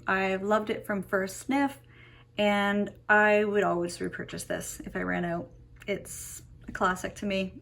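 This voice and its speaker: A woman's voice: mid-range voice, creaky, fairly bright tone. A young woman talking to the camera in a casual perfume review, gushing and emotional about the scents she loves.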